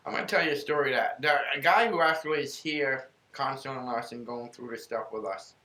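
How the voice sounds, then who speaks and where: Earnest podcast host, male, bright and forceful, roomy echo. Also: mid-range voice, a little fast. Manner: earnest, rambling storyteller. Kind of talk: casual faith podcast talk, storytelling.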